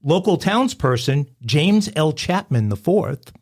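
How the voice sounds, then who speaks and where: A man's voice: a little high, sing-song, slow pace, darkish tone. A man co-hosting a crime podcast, reading a funny news story in a mock-dramatic storytelling way. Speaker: podcast co-host.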